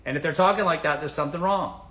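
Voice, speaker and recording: A man's voice: fairly high pitch, very fast, fairly bright tone. A man from the American South hosting a casual livestream, giving blunt dating advice, swearing freely and asking the audience rhetorical questions.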